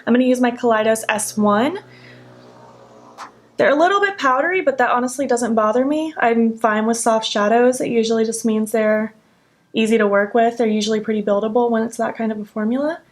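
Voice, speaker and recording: A young woman in her twenties chatting excitedly through a makeup tutorial, gushing about a new eyeshadow palette as she works. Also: on the high side, fairly quick. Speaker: beauty vlogger.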